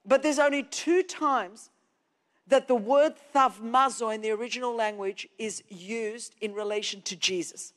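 High-voiced woman preaching in a hall. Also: a little slow. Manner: emphatic, stretching key words and rising to shouts. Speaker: pastor. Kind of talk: sermon. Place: church hall.

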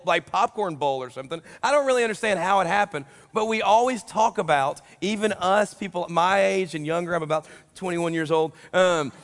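A youth pastor preaching a sermon in a joking, animated way, acting out quotes for the congregation. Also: male voice, sits high. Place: large church hall during a service. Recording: long reverb of a large hall.

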